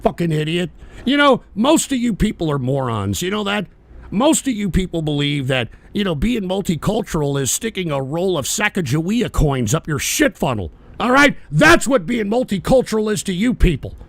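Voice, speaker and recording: A man hosting a live political stream, ranting with profane, scornful outbursts that rise into shouts. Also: high-pitched, sing-song, moderate pace, vocal fry, no room sound. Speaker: host.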